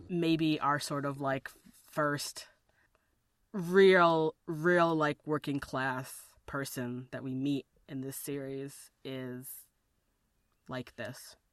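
A woman co-hosts a podcast in a low voice, recorded dry with no room sound around her. She talks hesitantly, restarting sentences and padding them with fillers, and breaks into small laughs. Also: fairly bright tone, no room sound. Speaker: podcast co-host. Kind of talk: casual chat.

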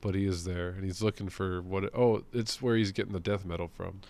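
A young man with a low, gravelly voice, chatting casually about comics. He swears freely, laughs a lot and slips into acted-out quotes. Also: fairly even intonation, fairly quick, a little mellow. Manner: profane, laughing, acts out quotes. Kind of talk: casual chat.

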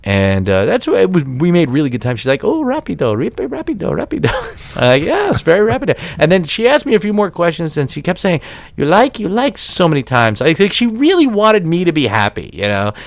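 Brief: male podcast host, lively swinging pitch, dry close sound, profane storyteller. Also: fairly quick, no echo. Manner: rambling, profane, animated with many restarts. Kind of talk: storytelling monologue.

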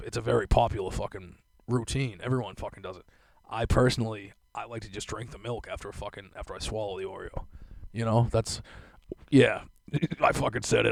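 A man's voice: mid-range voice, creaky, no room sound. A young man hosting a podcast, telling a profane, laughing rant in casual chat, close to a dry mic. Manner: laughing, profane, animated storytelling.

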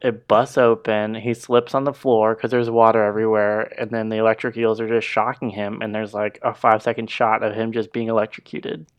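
A man's voice: fairly low pitch, flat delivery, brisk, hardly any pauses, smooth, muffled recording. Dry matter-of-fact man recapping. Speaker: podcast co-host. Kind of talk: casual chat recapping a cartoon episode.

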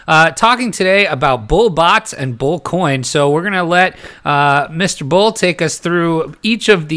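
A man hosting a casual podcast, with a bright, forceful tone and a slightly raised pitch. He steers the talk along and teases his co-host with quick jokes. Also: smooth. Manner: teasing, joking banter.

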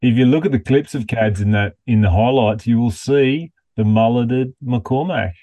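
A man's voice: medium pitch, normal speed, warm tone, dry recording. An Australian man co-hosting a casual sports podcast, laid-back and casually swearing. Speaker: podcast co-host. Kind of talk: casual chat.

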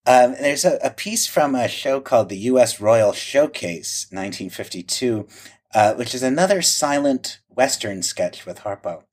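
A man's voice: mid-range voice, animated, normal speed, a little mellow, husky. A man co-hosting a podcast, thoughtfully describing old television clips in detail. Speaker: podcast co-host. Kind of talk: conversational film discussion.

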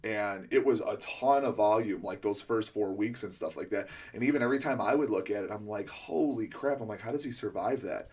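Male coach-host, lowish voice, rambling casual questions with lots of fillers. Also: brisk, hardly any pauses, a little mellow, breathy edge. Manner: rambling, many restarts and fillers. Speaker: podcast host and throwing coach. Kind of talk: casual interview chat.

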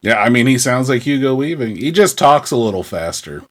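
A man in casual podcast banter, his pitch moving widely up and down. He talks loosely, with casual swearing and animated outbursts. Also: brisk. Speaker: podcast co-host. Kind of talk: casual chat.

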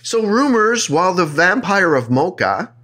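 A man's voice: high voice, big pitch swings, measured pace, pushed and bright. A man hosting a podcast, telling a creepy legend in a playful, joking way. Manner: playful, jokey, puts on silly voices. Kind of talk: casual storytelling chat.

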